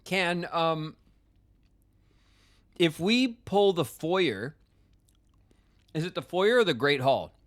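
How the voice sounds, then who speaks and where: A man's voice: on the high side, expressive, slow pace, pauses often. Chatty American man streaming a game. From United States. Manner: rambling, chatty, lots of filler words. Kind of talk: casual live-stream chat while gaming.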